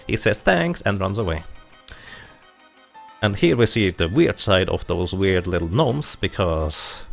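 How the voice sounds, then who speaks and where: A man giving steady, explanatory live commentary on his own speedrun. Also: on the low side, gravelly. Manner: steady explanatory, light laughs.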